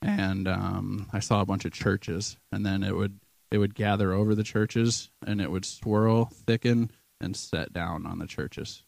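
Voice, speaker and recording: A man's voice: low voice, steady tone, a little slow, gravelly, darkish tone, no echo. A man giving an informal sermon testimony at church, earnest and conversational, with many ums and restarts. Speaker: church member sharing a vision.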